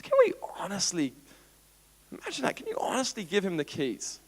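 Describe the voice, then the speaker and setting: An Australian man preaching a sermon as pastor, animated and playful, acting out everyday scenes. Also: high-pitched, a little fast. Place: church auditorium. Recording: long church hall reverb.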